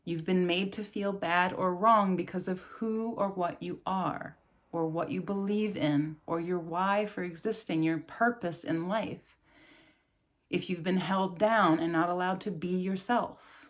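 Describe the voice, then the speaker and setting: A woman's voice: on the low side, fairly even intonation, a little slow. A woman in her thirties, a yoga and meditation teacher, giving an earnest, casual spiritual talk and laughing often.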